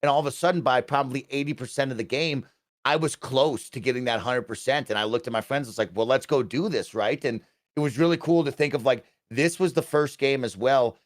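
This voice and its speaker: A man's voice: medium pitch, no room sound. Hyped young guy chatting about games, keeps saying right?, dry sound. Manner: enthusiastic, fast, peppered with "right?". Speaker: guest. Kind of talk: casual chat.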